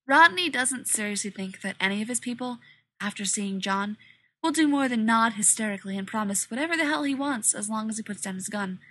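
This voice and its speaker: A woman reading a story aloud in a steady, even narration. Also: mid-range voice, brisk, no echo. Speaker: audiobook reader. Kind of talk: scripted narration.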